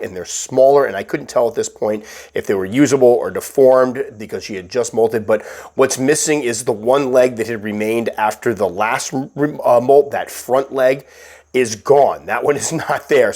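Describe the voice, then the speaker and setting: A man with a slightly stuffy voice, calmly narrating a casual update about caring for his pet tarantula. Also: mid-range voice. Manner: calm, explanatory, patient. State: stuffy, recovering from illness. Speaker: tarantula keeper and channel host.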